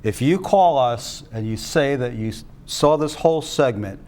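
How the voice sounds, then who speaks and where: A man's voice: medium pitch, lively intonation, moderate pace, a little mellow. A man who owns a catering business, a guest on a local television show, talking in a jovial, salesy, joking way. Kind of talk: TV interview guest.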